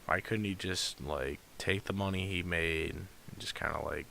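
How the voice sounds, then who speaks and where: A young man co-hosting a podcast in casual chat, talking hesitantly with lots of fillers and a gravelly voice. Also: low voice, fairly even intonation, normal speed, bright, forceful tone. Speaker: podcast co-host. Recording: faint hiss.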